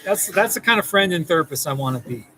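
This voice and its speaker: A man who works as a therapist, talking casually and gently to the camera, rambling and reassuring. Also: a little high, animated, fast talker, slight background noise, rough recording. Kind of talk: casual direct-to-camera talk.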